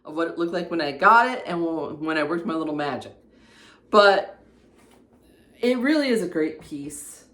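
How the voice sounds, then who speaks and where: A woman's voice: low-pitched, lively intonation, normal speed, pauses often, fairly bright tone, reverberant. A woman showing off her redecorated bedroom in a casual home vlog, chatting as she points out each piece, filmed on a tripod camera in her bedroom. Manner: chatty, homey, shows items one by one. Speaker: home decor vlogger. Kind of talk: casual room tour vlog.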